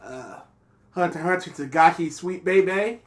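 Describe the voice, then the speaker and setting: A man co-hosting a live reaction stream, rambling and joking in casual chat, often trailing off quietly. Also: sits high, normal speed. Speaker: co-host.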